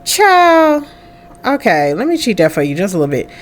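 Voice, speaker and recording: Her voice sits low but she's very animated and racing along. The young let's play host chats casually through a life-sim game, talking to her character as she plays.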